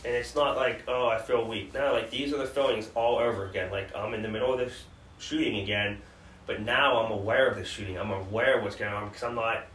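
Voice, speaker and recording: Man, earnest candid storytelling, lowish voice, roomy distant mic. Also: fast talker, fairly bright tone. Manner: earnest, recounting trauma candidly with restarts. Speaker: podcast co-host. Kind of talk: personal storytelling in conversation. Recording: roomy sound from a distant mic with faint background noise.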